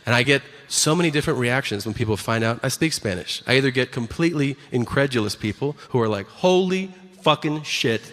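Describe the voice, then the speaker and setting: A man doing a stand-up comedy set, talking in a dry, conversational way and slipping into quick voices for the people in his stories. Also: mid-range voice, fairly bright tone, long reverb tail. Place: theater stage before an audience.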